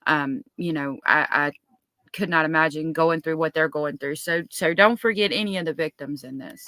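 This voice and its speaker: A woman's voice: low-pitched, normal speed, pushed and bright, no echo. A woman hosting a casual true-crime livestream, talking in an emotional, apologetic way with many fillers. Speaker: livestream host.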